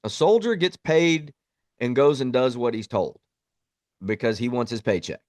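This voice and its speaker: A man speaks in a blunt, plainspoken way, reflecting like a veteran hosting his own podcast. His voice sits at an ordinary middle pitch. The sound is dry and close, with no room echo. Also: moderate pace. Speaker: podcast host, Army veteran. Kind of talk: reflective monologue.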